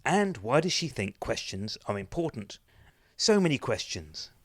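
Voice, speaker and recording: A man's voice: mid-range voice, a little slow, breathy edge, no echo. A man hosting a podcast, reading a playful scripted introduction. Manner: playful, lively delivery. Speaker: podcast host. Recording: dry close studio sound.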